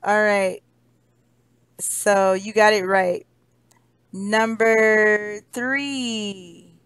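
A woman's voice: medium pitch, fairly even intonation, drawn-out words, a bit bright, clear, resonant tone, dry recording. An American woman teaching English to a child online, cheerful and encouraging, laughing often. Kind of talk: one-on-one kids' lesson.

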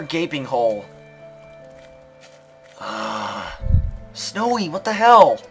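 A man giving let's play commentary, rambling to himself and the game with sudden loud outbursts. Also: a little high, sing-song, extremely slow, vocal fry, pauses often, breathy edge, faint music behind. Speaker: gaming video creator.

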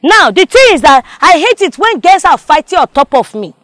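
A woman's voice: extremely high pitch, sing-song, normal speed, fairly bright tone, slight background noise, full character voice. Woman playing a vain chief. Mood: preachy. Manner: bossy, flirty, repeats "excuse me". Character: boastful womanizing male chief, smooth-talking. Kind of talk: comedy skit acting. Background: music.

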